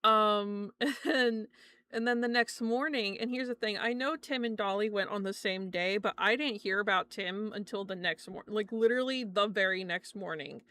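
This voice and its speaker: Bright, foul-mouthed young woman streamer. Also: medium pitch, normal speed, no echo. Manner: animated storytelling, swears often, laughs between lines. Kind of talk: casual chat stream.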